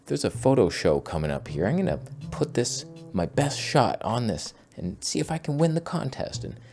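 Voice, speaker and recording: A man's voice: mid-range voice, very animated, moderate pace, creaky, darkish tone, pitched above the performer's own voice. A man imitating a smug, clueless male amateur photographer in a mocking tone.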